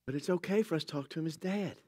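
A man's voice: fairly high pitch, very fast, a little mellow, husky. A middle-aged man preaching a sermon in a church, conversational and jokey, with chuckles and asides to the congregation. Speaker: pastor. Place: church sanctuary.

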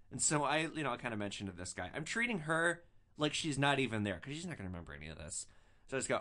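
Animated, bright-voiced male storyteller. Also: medium pitch, fairly quick. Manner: animated, profane, wry. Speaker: podcast host. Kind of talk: casual storytelling.

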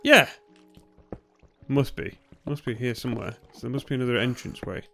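A man's voice: mid-range voice, brisk, gravelly, faint music behind. Jumpy young man gaming. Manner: jumpy, nervous, bursts into excited shouts. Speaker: gaming YouTuber. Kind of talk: Let's Play commentary.

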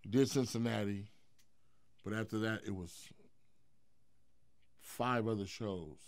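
A middle-aged man, a guest in an interview, telling a story in a lively, profane way. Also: fairly low pitch, takes it slowly, dry recording. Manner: animated, profane storyteller who swings into loud acted quotes.

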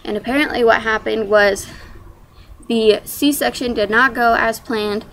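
A woman's voice: fairly high pitch, steady tone, measured pace, a bit bright, slight background noise. Young woman rambling through a story. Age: young adult. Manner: casual, rambling, lots of "like" and "um". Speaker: young mother telling her birth story. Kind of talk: personal storytelling vlog.

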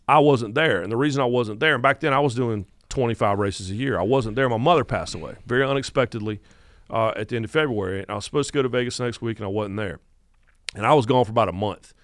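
Male, 50s, North Carolina Southern accent, animated podcast storyteller, dry studio sound. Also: medium pitch, brisk, no room sound. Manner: animated storyteller who acts out quotes. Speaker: guest podcast host.

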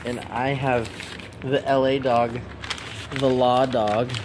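A man's voice: mid-range voice, level tone, slow. Playful man vlogging outside by traffic. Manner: playful, joking, chatty. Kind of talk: casual vlog narration. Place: outdoors at a small street food stand by traffic. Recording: outdoor traffic noise.

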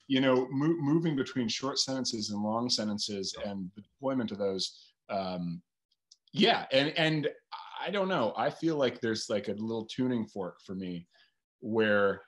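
A man's voice: medium pitch, lively intonation, unhurried. A man, a guest author talking casually and animatedly in an interview, thinking aloud with lots of filler words.

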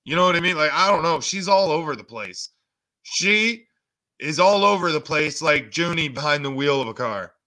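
A man's voice: on the high side, animated, normal speed, bright, forceful tone. A man hosting a reaction channel, making sarcastic, mocking comments.

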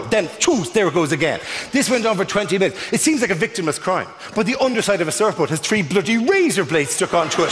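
High-voiced Irish comedian in a big hall. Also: male voice, brisk, few pauses, loud music behind the voice. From Ireland. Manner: animated storytelling, loud outbursts, acted-out voices. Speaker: stand-up comedian. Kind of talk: stand-up comedy routine. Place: large theatre stage. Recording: echoey live hall with audience.

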